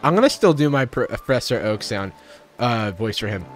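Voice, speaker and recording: Dude streaming a game, joking around, lots of likes and ums, voice goes up and down a lot, little music in back. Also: male voice, medium pitch, animated, moderate pace. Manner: chatty and jokey, lots of fillers. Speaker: live-stream host. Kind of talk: casual gameplay commentary.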